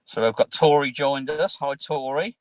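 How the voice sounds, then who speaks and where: A man hosting a casual livestream from his car, relaxed and encouraging, reading out viewer comments. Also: medium pitch, normal speed, dry recording. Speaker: livestream host. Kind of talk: casual chat.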